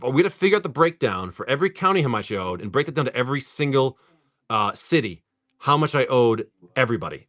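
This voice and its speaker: A man chatting casually on a livestream, telling a long story in a chatty style full of "dude" and "like". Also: mid-range voice. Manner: chatty and animated, says "dude" and "like" often. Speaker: livestream card seller. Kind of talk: casual storytelling while opening card packs.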